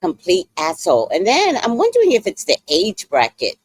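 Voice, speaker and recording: A woman hosting her own livestream, telling a story in a blunt, animated and profane way. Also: mid-range voice, moderate pace, slight background noise. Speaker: livestream host.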